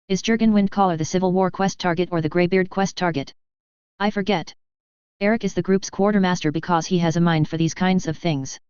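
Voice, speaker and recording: A woman reads first-person fan fiction aloud in a casual, wry voice, tossing in dry asides. Her voice sits a little low and is very smooth and clear. It is recorded close in a dead-dry space, with slightly dull, lo-fi sound. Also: a little mellow, no echo. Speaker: reader.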